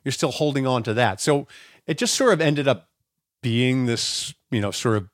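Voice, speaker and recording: A man's voice: mid-range voice, moderate pace, no room sound. Man, podcast co-host, rambling casual talk, dry close mic.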